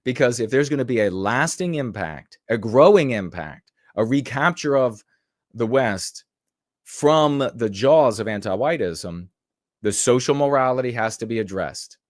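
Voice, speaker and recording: A man's voice: mid-range voice, expressive, a little slow, dry recording, clean studio sound. Rambling sarcastic male podcast host. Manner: rambling and sarcastic, mimics people mockingly. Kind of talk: casual political commentary.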